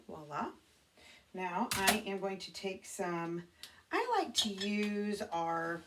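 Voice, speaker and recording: A woman's voice: medium pitch, fairly bright tone. Chatty woman giving a makeup tutorial. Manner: chatty, self-correcting, demonstrating as she goes. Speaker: makeup consultant. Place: home bathroom. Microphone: camera mic.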